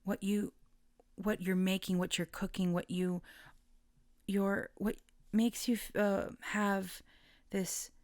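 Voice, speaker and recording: A woman giving a casual collective tarot reading, gentle and halting with many fillers, sometimes dropping into soft whispers. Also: mid-range voice, level tone, no echo, studio quality. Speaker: tarot reader.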